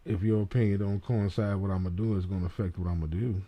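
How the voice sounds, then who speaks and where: A man's voice: low-pitched, fairly even intonation, rapid-fire, lo-fi sound. A man co-hosting a podcast, speaking in a blunt, matter-of-fact way during casual chat. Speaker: podcast co-host. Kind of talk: casual talk radio chat.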